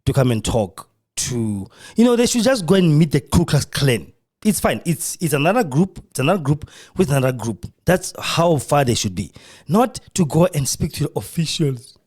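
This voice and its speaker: Animated South African man with lively pitch. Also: moderate pace, breathy edge. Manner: animated, mocking, acts out quoted voices. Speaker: podcast host. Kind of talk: live radio podcast commentary. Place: radio studio.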